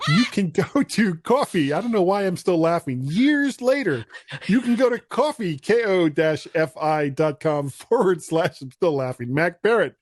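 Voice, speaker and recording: A jokey man co-hosts a casual tech podcast, his pitch leaping around as he banters. He laughs easily between his reads. The mic is close and completely dry. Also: lively intonation, normal speed, hardly any pauses, no echo. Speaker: podcast co-host. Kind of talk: casual chat.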